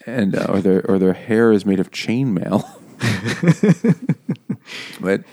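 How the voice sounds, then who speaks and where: A man in casual book talk, speaking in a dry, wry, deliberate way. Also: on the low side, animated, mellow, breathy edge.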